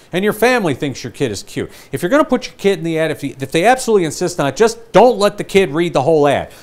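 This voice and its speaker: An older man giving a sales training talk, lively and conversational, acting out customer and ad lines as he goes. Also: fairly high pitch. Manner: animated, acts out customer and ad lines.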